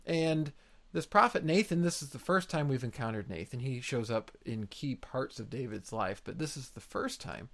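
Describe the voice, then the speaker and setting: A man's voice: medium pitch, lively intonation, moderate pace, a bit bright. A man preaching an expository sermon in an earnest way, repeating words for emphasis. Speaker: pastor.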